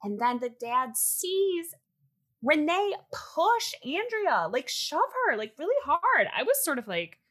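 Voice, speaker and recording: Woman co-host, bright, fast and animated movie recapper. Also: high-pitched.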